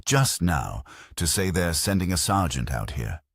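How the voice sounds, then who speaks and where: An anxious young woman, played by a deep-voiced male narrator in a mystery audiobook. Her lines come softly and worried, lifted above his husky low register. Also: very animated, measured pace, no room sound, clean studio sound, heavily acted.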